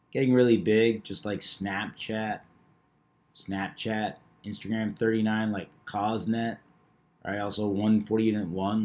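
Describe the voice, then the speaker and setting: A man hosting a video, talking through number patterns in a measured, knowing way. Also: fairly low pitch, darkish tone. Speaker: numerology video host. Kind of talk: casual monologue.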